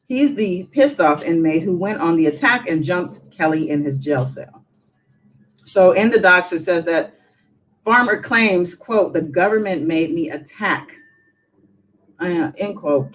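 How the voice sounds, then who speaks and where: A woman's voice: fairly low pitch, a little hiss or hum, low-quality recording. A woman hosting a casual live stream, chatting and musing as she reads news aloud with her own asides.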